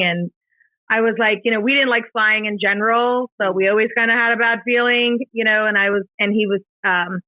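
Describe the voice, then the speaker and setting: A middle-aged woman speaks as a podcast guest, recounting a painful memory in halting, emotional bursts full of fillers and restarts. Her voice sits at a middle pitch and comes through a narrow, phone-like band with no room echo at all. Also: steady tone. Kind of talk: personal storytelling in an interview. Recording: dry, tinny phone-like sound.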